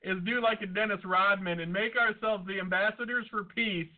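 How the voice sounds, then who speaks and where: Brief: high-pitched male co-host, argumentative and jokey, swears freely, thin phone-line sound. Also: fairly even intonation, normal speed. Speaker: podcast co-host. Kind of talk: casual profane chat.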